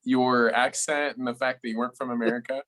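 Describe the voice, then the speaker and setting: A man hosting a podcast, asking questions in animated casual chat and laughing as he tells stories. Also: medium pitch, quick pace. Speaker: podcast host.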